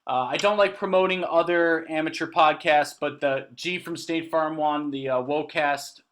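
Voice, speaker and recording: A man's voice: a little high, fairly even intonation, normal speed, a bit bright. A man co-hosting a casual podcast, trading teasing jokes with his partner. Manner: joking, teasing banter. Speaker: podcast co-host. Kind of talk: casual chat.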